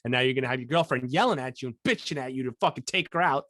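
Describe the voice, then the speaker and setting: A man co-hosting a podcast, telling stories in a casual, profane, animated way. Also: fairly high pitch, very fast, hardly any pauses. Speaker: podcast co-host. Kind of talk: casual chat.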